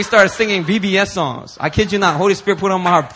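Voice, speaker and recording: A man's voice: sits high, quick pace, few pauses, a little hiss or hum. Chatty male pastor telling a story. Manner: conversational, many "you know" fillers, grows animated. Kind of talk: sermon storytelling.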